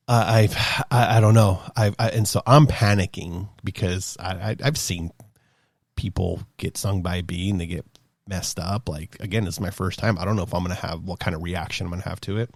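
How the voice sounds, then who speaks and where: Man in his thirties, casual podcast storytelling, rambling and animated, lowish voice, dry close sound. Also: normal speed, no echo. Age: 30s. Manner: rambling, animated, acts out quotes in a high voice. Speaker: podcast host.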